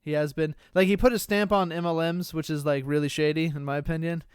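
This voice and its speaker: A man's voice: a little high, fairly even intonation, fast, clear, resonant tone, no room sound, studio quality. A man co-hosting a casual streaming podcast, rambling with many fillers and restarts. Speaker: podcast co-host.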